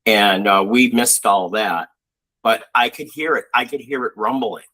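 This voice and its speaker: His voice on the low side and unhurried, a co-host from Buffalo, New York spins rambling stories in a casual chat, animated and heavy on fillers. It's a low-quality recording.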